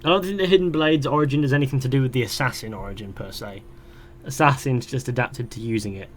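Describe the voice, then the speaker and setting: A man's voice: medium pitch, quick pace. A young man streaming a game live, chatting casually and reading viewers' questions aloud before rambling through his answers. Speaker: gaming streamer.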